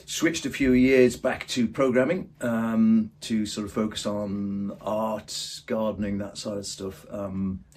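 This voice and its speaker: A man with a low, husky voice talks in an earnest, halting way, full of ums and restarts. His delivery is deadpan, played for comedy as a mockumentary interview. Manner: hesitant, earnest, many ums. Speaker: radio programmer character in a mockumentary.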